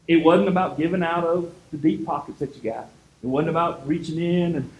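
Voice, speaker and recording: Conversational pastor in an echoey hall. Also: male voice, a little high, quick pace, a little mellow, a little hiss or hum. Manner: conversational, retells scripture in casual voices. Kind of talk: sermon.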